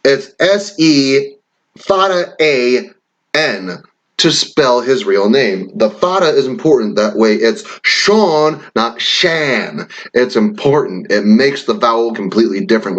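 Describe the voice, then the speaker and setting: Chatty man with a lively voice. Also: medium pitch, moderate pace. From Wisconsin, USA. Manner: chatty, swears casually, reads quiz questions aloud and riffs. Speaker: vlogger taking online quizzes. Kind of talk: casual rambling commentary.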